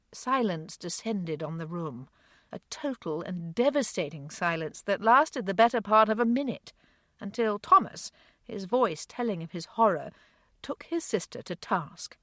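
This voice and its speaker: A woman narrating a romance novel audiobook in a calm storytelling manner. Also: on the low side, measured pace, no echo, clean studio sound.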